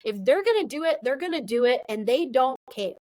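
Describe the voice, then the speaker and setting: A woman's voice: sits high, fairly quick, dry recording, poor audio. A woman, co-hosting a casual conversation and acting out quoted lines as she tells stories. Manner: animated storyteller, acts out quoted lines. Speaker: podcast co-host, nurse trainer.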